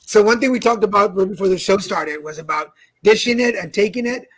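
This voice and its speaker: Man, talk-show co-host, sassy and chatty, slightly husky voice. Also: high-pitched, a little fast, poor audio. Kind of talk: casual chat.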